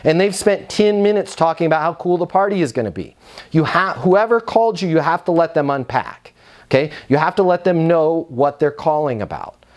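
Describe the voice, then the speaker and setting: A man's voice: a little high, lively intonation, a little fast. A man teaching a seminar on answering the phone in leasing sales, emphatic and fired up, driving his points home with repetition.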